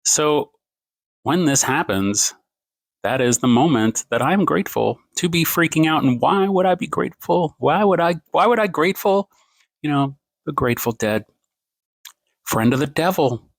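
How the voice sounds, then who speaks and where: A man ranting to his phone camera at home late at night, rambling and self-mocking, swinging his pace and pitch for emphasis. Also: lively intonation, moderate pace, creaky, dry recording. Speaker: TikTok creator.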